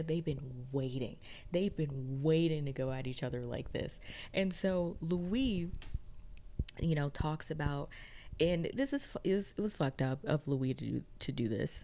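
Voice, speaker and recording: A woman with a low voice talks casually through a television episode recap. She retells scenes with drama and throws in playful exclamations. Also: mellow. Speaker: TV recap reviewer.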